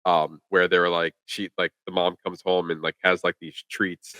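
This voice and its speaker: A man's voice: low-pitched, level tone, normal speed, bright, forceful tone, smooth, no echo. A man co-hosting a podcast, chatting casually about a film in a rambling way full of "like". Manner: rambling, filler-heavy with lots of "like". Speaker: podcast co-host. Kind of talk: casual chat, movie review.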